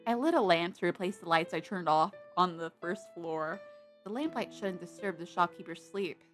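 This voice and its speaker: A woman playing through a visual novel, reading its text aloud and loudly scolding the characters in exasperation. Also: fairly low pitch, moderate pace, soft background music. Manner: animated, yelling in exasperation at characters. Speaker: game streamer.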